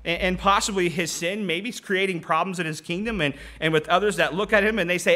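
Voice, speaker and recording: Middle-aged guy giving a sermon, bright forceful voice, kinda conversational, lots of restarts. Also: high-pitched, fairly quick, few pauses. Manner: conversational preaching with frequent restarts and scripture readings. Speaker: preacher.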